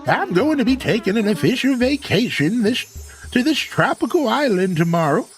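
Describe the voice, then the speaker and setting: A man voicing a chummy, rambling old male tortoise mayor from a video game, in a high, drawn-out old man's voice. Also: big pitch swings, slightly rough, heavily acted. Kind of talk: reading game dialogue aloud.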